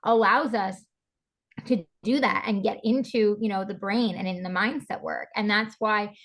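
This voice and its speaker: A woman's voice: medium pitch, steady tone, moderate pace, a bit bright. A woman being interviewed on a podcast, talking openly and from the heart, with lots of "like" and "you know" along the way. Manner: open and heartfelt, with frequent fillers like "like" and "you know". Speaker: podcast guest, stylist and breathwork coach. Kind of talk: candid conversational interview.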